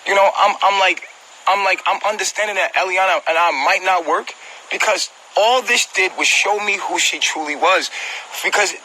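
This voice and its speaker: A man's voice: high-pitched, normal speed, bright, forceful tone, slight background noise, poor audio. A man venting at home on a phone livestream, upset and hurt, talking straight to his viewers with repetition and swearing. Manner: agitated, repetitive, profane, talks directly to viewers. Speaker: vlogger on a live stream. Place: at home, indoors.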